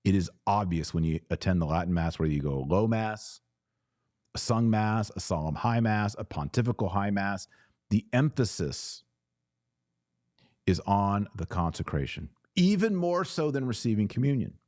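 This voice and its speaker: Male livestream host, deep and dark-toned, emphatic, repeats himself for stress, dry close mic. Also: lively intonation, normal speed, no echo. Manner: earnest, emphatic, repeats phrases. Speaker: host reading super chats. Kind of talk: livestream commentary.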